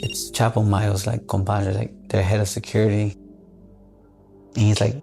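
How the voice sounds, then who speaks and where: A man with a gravelly, creaky voice tells his story in a podcast interview. He swears freely and acts out both sides of old phone calls. Music plays clearly underneath. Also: fairly low pitch, normal speed. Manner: profane, animated, re-enacts phone calls.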